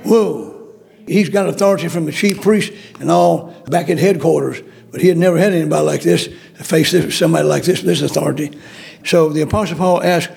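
A man's voice: on the high side, brisk, gravelly, darkish tone. A man preaching a sermon, emphatic and repetitive, acting out the voices in the story he tells. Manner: repetitive, emphatic, acts out quotes.

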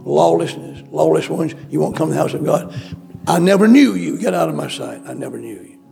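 A man's voice: on the high side, brisk, creaky, mellow, faint music behind. A male preacher delivering a sermon, emphatic and repetitive, calling out questions to the congregation. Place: church.

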